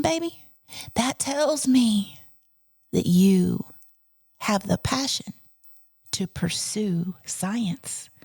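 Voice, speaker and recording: A woman voicing a warm older schoolteacher who speaks to a child in a doting, emphatic way and calls her honey. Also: a little high, creaky, no room sound, studio quality, heavily acted.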